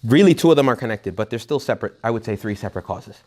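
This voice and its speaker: A man's voice: lowish voice, expressive, rapid-fire, a little mellow. A man giving a retreat talk to young adults, speaking conversationally, joking and often checking in with his listeners. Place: retreat hall.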